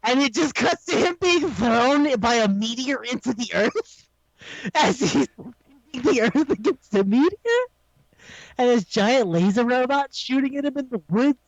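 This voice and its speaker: High-voiced man animatedly retelling a story. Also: unhurried, no echo, dull audio. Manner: animated storytelling, acts out quotes, laughs often. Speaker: podcast co-host. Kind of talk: casual chat recapping an anime.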